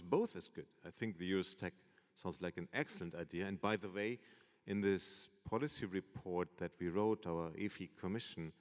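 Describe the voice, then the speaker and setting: A man, a professor, moderating a panel discussion in a measured way, thinking aloud. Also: sits low. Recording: long reverb of a lecture hall.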